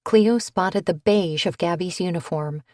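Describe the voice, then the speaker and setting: Slow, low-pitched woman narrating. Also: dry recording, clean studio sound. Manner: even, unhurried reading that lifts into character voices for dialogue. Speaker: audiobook narrator. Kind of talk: scripted narration.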